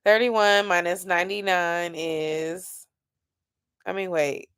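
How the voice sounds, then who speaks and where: A woman's voice: fairly low pitch, fairly even intonation, takes it slowly, fairly bright tone, smooth. A woman, chatting casually and sleepily with viewers on a late-night livestream. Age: 30s. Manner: sleepy, chatty, yawning and laughing. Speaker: livestream host.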